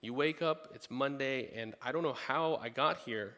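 Bright-voiced man preaching in a hall. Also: medium pitch, moderate pace. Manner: conversational, rising to emphatic peaks. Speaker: pastor. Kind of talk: sermon.

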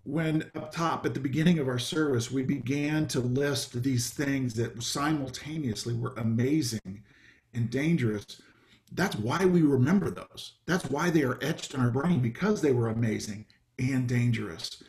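A man preaching in a relaxed, conversational way, often stopping for ums and small asides. His voice sits at an ordinary middle pitch for a man. He speaks as a pastor addressing his congregation over a video call. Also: normal speed.

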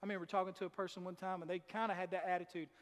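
Guy preaching, high voice, folksy, gets loud then soft, big reverby hall. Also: little pitch movement, rapid-fire. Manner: folksy preaching, rises and drops in volume for emphasis. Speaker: pastor. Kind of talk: sermon.

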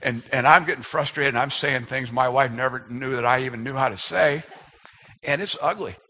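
A man's voice: mid-range voice, a little fast, bright, forceful tone. A man in his fifties, a speaker telling a self-deprecating, humorous personal story as part of a sermon.

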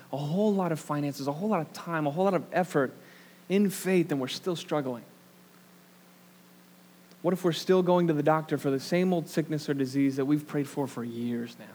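A man's voice: fairly high pitch, darkish tone, a little hiss or hum. Casual young man preaching. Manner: casual, self-deprecating storyteller with many fillers. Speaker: pastor. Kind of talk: sermon with a personal anecdote.

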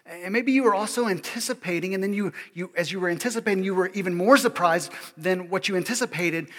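A male pastor giving a sermon in an animated, joking way, often checking in with the congregation. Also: high-pitched, brisk, in a large hall. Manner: animated and joking, keeps asking "all right?".

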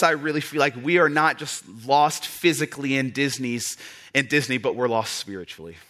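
A male pastor preaching a sermon in a casual, animated storytelling style, full of "like" and restarts. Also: medium pitch. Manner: conversational and animated, with many fillers.

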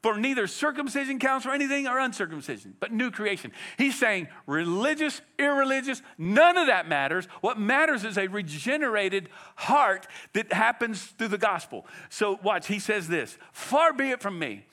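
A man's voice: sits high, expressive, moderate pace, few pauses, bright, forceful tone. A male pastor preaching a sermon, emphatic and asking his listeners direct questions.

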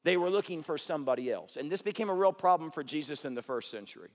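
A man's voice: fairly high pitch, lively intonation, fast. Preacher guy telling bible stories, voice jumps all over, big echoey room. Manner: storytelling preacher, rhetorical questions, dramatic swings from loud to hushed. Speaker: pastor. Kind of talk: sermon.

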